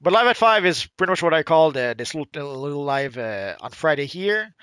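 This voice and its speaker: A man's voice: a little high, sing-song, fairly quick, bright, forceful tone, clean tone, dry recording, clean studio sound. A man hosting a casual gaming livestream over a voice call, talking hesitantly with restarts and a playful tone. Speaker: channel host.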